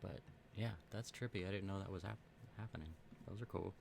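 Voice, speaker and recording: A man from Texas co-hosting a podcast livestream, relaxed and laid-back. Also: low-pitched, brisk, vocal fry, a little hiss or hum. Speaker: podcast co-host. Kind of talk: casual chat on a livestream.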